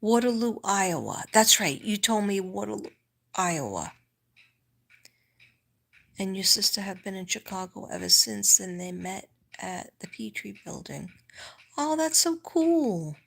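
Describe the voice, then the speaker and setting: A woman's voice: medium pitch, expressive, unhurried, gravelly, a bit bright. A middle-aged woman with a New York accent, chatting casually with viewers on a livestream, rambling and restarting, sometimes dropping to a whisper. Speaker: livestream host.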